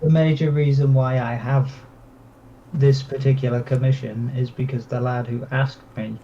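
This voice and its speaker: A man's voice: medium pitch, flat delivery, moderate pace. A man with a Geordie accent chatting as a guest painter, dry and matter-of-fact. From North East England. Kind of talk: casual chat. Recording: dull lo-fi mic with faint noise.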